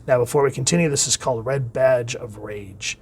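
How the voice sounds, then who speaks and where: A man hosting a casual solo comic book review. He reads the comic's dialogue aloud with enthusiasm, and his voice often trails off quietly at the end of phrases. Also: medium pitch, fairly quick, a little hiss or hum.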